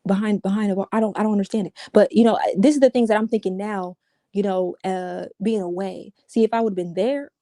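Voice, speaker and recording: Warm-voiced woman, interview guest, casual and repetitive, dry close sound. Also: mid-range voice, steady tone, brisk, no room sound. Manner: casual, repetitive, restarts often, says "yo". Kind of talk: emotional personal account.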